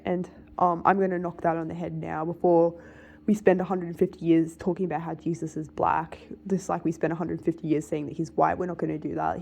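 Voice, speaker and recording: A woman's voice: on the low side, vocal fry, darkish tone, a little hiss or hum. A woman talking casually to camera in a rambling, emphatic way, with many filler words. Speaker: vlogger.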